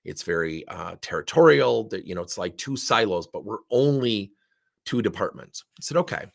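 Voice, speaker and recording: A middle-aged man giving a fast, animated talk about leadership and coaching, acting out the dialogue in his stories. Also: lowish voice, gravelly. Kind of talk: lively talk.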